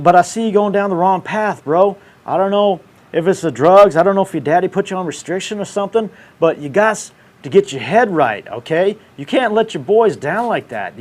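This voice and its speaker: A man in his thirties hosting a casual livestream, ranting in brash, profane, slangy banter. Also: on the high side. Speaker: show host.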